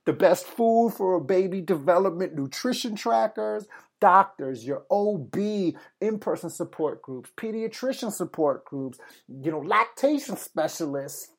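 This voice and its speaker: A man's voice: sits high, lively intonation, measured pace. A young man hosting his own podcast as a new father, talking in a chatty, self-deprecating way with some casual swearing. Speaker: podcast host. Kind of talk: casual solo podcast monologue.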